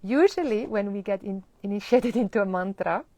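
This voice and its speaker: A woman's voice: mid-range voice, expressive, fairly quick, darkish tone, no echo. A woman teaching a live-streamed mantra lesson, explaining and chanting with laughter. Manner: acts out groggy morning complaints. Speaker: spiritual teacher.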